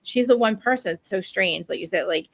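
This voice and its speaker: A woman co-hosting a casual live chat show, rambling through animated stories with lots of fillers. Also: medium pitch, brisk, vocal fry, rough recording. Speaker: podcast co-host.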